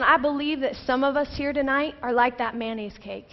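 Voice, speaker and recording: A woman's voice: high voice, a little fast, dull audio. Woman preacher telling a chatty story. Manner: chatty storytelling, building to urgent appeals. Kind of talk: sermon with personal story. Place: church sanctuary.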